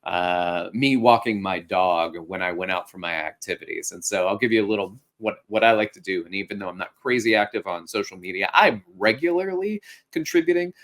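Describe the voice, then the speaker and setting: A man's voice: deep voice, a little fast, a bit bright. A middle-aged man hosting a podcast, giving casual, upbeat coaching advice with a joking streak. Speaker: podcast host and fitness instructor.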